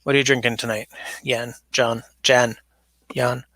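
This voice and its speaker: Reading viewer comments aloud between rambling chatter, a basement livestream host speaks at a measured pace with little pitch movement. His mid-range voice has a sharp tone, the audio has no echo, and he's using a smaller mic than usual.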